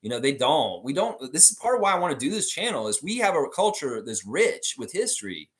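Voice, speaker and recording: A man hosts a live fan stream and chats loosely through viewer comments. His voice is middle-pitched, but he swings it way up when he mocks people. He talks in an animated, loose way and swears a lot. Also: brisk. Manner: animated, swings high when mocking others, swears freely.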